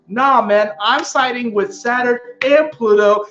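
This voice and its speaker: A man talking casually to his viewers about astrology in an animated, emphatic way, often swearing. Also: very high-pitched, unhurried, hardly any pauses, highs cut off. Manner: animated, emphatic, frequently profane. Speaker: astrology vlogger. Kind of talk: casual spiritual chat to viewers.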